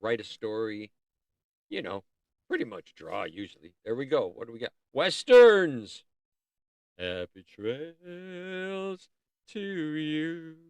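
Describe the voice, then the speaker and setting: A man's voice: medium pitch, wildly swooping pitch, moderate pace, creaky, no echo. A man hosting a casual art livestream, rambling and easily sidetracked, breaking off to sing bits of songs. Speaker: livestream host.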